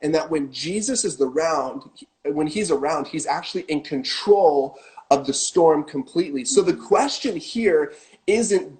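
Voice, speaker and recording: A man giving earnest devotional teaching, slowing down on key phrases. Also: on the high side, darkish tone.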